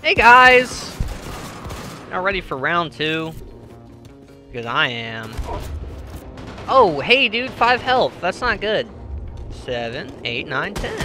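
A man giving excitable gameplay commentary, swearing and breaking into sudden yells. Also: on the high side, slow pace, long pauses, faint music behind. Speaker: gamer.

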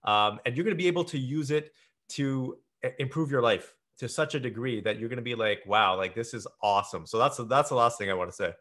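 A man's voice: mid-range voice, expressive, brisk, fairly bright tone. A man hosting a podcast in a casual conversation, earnestly advising his listeners directly. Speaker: podcast host.

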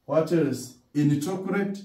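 A man's voice: on the high side, unhurried, mellow, a little hiss or hum. A man with a Ugandan accent giving a dental lecture, who asks rhetorical questions and answers them himself and repeats key words. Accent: Ugandan English. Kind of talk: classroom lecture. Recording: roomy echo, distant from mic.

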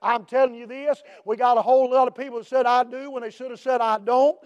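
A middle-aged man preaching a sermon as pastor, building to shouted emphatic refrains and dropping back to quieter teaching. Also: extremely high pitch, lo-fi sound.

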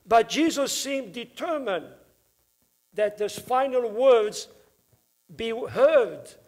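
A male priest delivers a Good Friday homily in a church. His voice sits high and he moves at an unhurried pace. He speaks with emphatic stress, leaning on key words. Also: animated, darkish tone.

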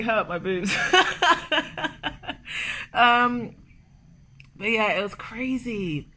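A woman's voice: a little high, lively intonation, extremely slow, pushed and bright. A young woman telling a personal story in a casual confessional vlog, chatty and emotional, with lots of "like". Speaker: vlogger.

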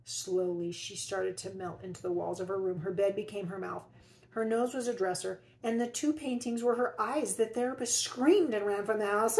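A woman teacher reads a picture book aloud to children, expressive and unhurried. She stops now and then to ask her listeners questions. Her mid-pitched voice carries a light gravelly fry. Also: a little hiss or hum, poor audio. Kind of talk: children's read-aloud storytelling.

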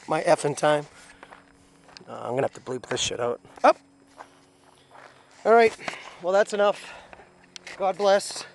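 A man casually vlogging around his home and yard, rambling and swearing, then apologizing for it. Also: a little high. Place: outdoors at home, yard with dogs. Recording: noisy outdoor camera audio with dogs.

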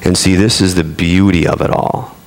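A man's voice: low voice, steady tone, normal speed. A man preaching a sermon in a conversational way, with playful asides to his congregation. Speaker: pastor.

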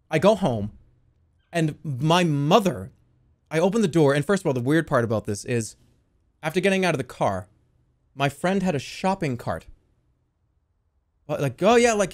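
A young man telling a wild story to his stream in a casual, animated way, swearing freely. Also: a little high, normal speed. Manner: animated, swears a lot, yells in the quoted bits.

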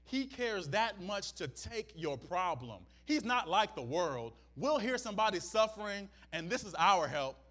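A man's voice: high-pitched, big pitch swings, measured pace, few pauses, bright, forceful tone. A male pastor preaching a sermon, repeating his points for emphasis and checking in with the congregation. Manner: preaching with emphatic repetition and "Amen?" asides to the congregation.

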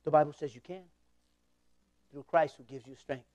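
A man's voice: on the high side, steady tone, moderate pace, darkish tone, muffled recording. A man in his forties preaching a sermon as pastor, passionate, with call-and-response to the congregation. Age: 40s.

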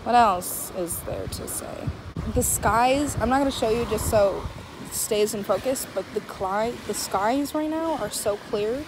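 A woman's voice: fairly high pitch, sing-song, a little slow. A young woman vlogging casually to camera on a lake beach, chatty and self-mocking. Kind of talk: casual vlog chat to camera. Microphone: handheld camera. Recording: outdoor noise from waves and wind.

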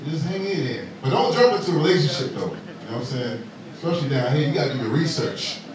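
A man's voice: medium pitch, very animated, fast. A man doing a stand-up comedy set in a club, teasing and talking directly to the crowd. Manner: playful, teasing, talks to the crowd. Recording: echoey club, distant mic, crowd noise. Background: audience laughter.

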